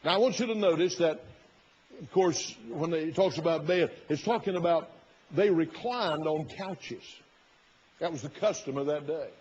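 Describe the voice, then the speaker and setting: A man's voice: a little high, moderate pace, darkish tone, husky. Folksy preacher man, lo-fi sermon. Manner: folksy, retells the story with quoted inner thoughts. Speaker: pastor.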